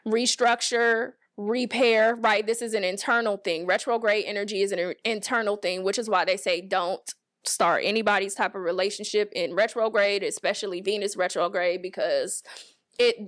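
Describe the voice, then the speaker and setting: A young woman talks through a monthly astrology forecast in a relaxed, conversational way. Her voice sits a little high, and she loops back over her points, checking in with the listener as she goes. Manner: chatty, repeats points with "right?" and "so again". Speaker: astrology reader. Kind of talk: casual monthly horoscope talk.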